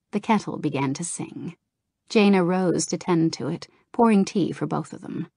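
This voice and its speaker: A woman narrating a fantasy novel in a calm, even storytelling manner. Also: deep voice, normal speed, vocal fry, breathy edge, dry recording, clean studio sound. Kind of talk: audiobook narration.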